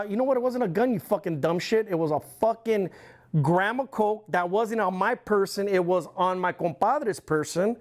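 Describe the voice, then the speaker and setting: A man's voice: sits high, moderate pace. A middle-aged man talks bluntly in an interview, his speech heated and thick with profanity. He tells his story casually, defending himself point by point. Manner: blunt, heated, swears constantly. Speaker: interview guest, former club president.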